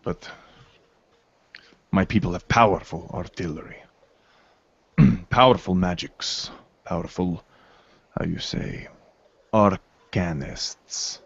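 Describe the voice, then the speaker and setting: A man's voice: deep voice, takes it slowly, creaky, long pauses, slightly rough, dry recording, voice pushed down, heavily acted. A man voicing a sly, scheming male dwarf soldier who gropes for words. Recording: dull lo-fi stream audio.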